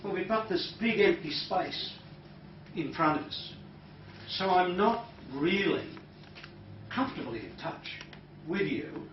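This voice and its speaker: A man who is a hypnotist, leading a live training demonstration and talking in a calm, soft-spoken way that sometimes drops to a hush. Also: high voice, measured pace. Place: training room with an audience. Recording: roomy, distant, dull recording with noise.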